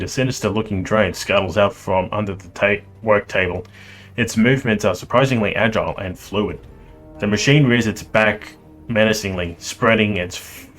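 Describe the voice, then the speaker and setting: A man reading game text aloud as he plays, steady with small slips. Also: on the low side. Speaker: game player and narrator.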